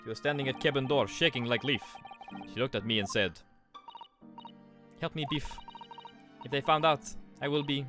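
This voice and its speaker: A man's voice: medium pitch, moderate pace, long pauses, over music, close to an everyday voice. A man playing a clipped Russian sailor. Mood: earnest. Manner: clipped, drops articles. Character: gruff Russian sailor on night duty. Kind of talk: reading game dialogue aloud.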